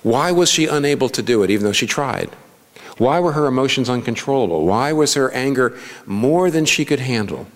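A middle-aged pastor delivers a sermon in a conversational, earnest tone, full of questions to the congregation. His voice sits at an ordinary male pitch. The sound carries a long reverb, as in a large sanctuary. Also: a bit bright.

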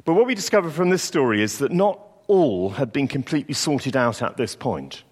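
A man's voice: medium pitch, sing-song, fairly quick, slightly rough. A man giving a sermon, telling a story in a reflective way and acting out quoted lines. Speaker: preacher. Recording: long hall reverb.

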